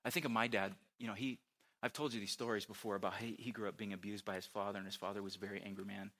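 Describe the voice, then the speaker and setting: A man preaching a conversational sermon as a pastor, chatty and quick to correct himself. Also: on the low side, little pitch movement, fairly bright tone.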